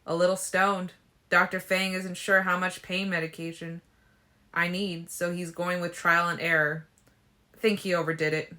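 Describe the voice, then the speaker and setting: A woman reading an injured, jealous teenage boy in a fan audiobook, loud and blunt. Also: fairly low pitch, level tone, moderate pace. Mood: groggy teasing.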